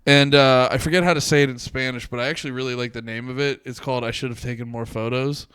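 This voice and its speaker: A man's voice: medium pitch, fairly even intonation, quick pace, fairly bright tone, clear, resonant tone. A man co-hosting a casual comedy podcast, joking and teasing his co-host and laughing often, talking into a studio mic.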